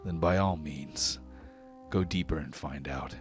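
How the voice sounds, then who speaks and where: A man's voice: a bass voice, over music. A man doing a taunting hobgoblin thug. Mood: menacing. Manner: slow, taunting, drawling. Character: menacing male hobgoblin prisoner, cruel.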